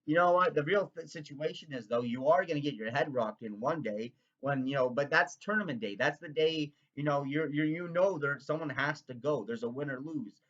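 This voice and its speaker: Excitable Canadian guy, swears constantly, rambling rant; a bit higher-pitched; dull lo-fi recording. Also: normal speed, hardly any pauses. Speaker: vlogger. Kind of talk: casual rant.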